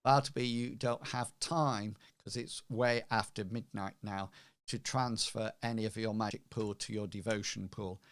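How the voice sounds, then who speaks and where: A man narrating as game master of a tabletop game, halting with many ums. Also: on the low side, steady tone, no room sound, clean studio sound.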